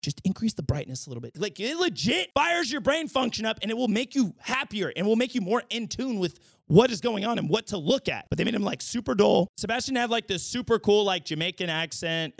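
Guy ranting about a movie on his vlog, high voice swinging all over, yells now and then. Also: gravelly, no room sound, studio quality. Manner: animated and slangy, bursts into shouts. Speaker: movie reviewer. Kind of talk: casual vlog review.

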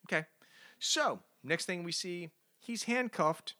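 A man's voice: high voice, animated, slow pace, pushed and bright. A man co-hosting a casual comic book review podcast, recapping the story with sarcastic mockery and rhetorical questions. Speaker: podcast co-host.

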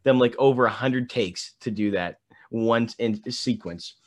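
A man's voice: mid-range voice, measured pace. Rambling young man chatting casually. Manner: rambling, laughs often, many restarts. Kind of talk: casual chat.

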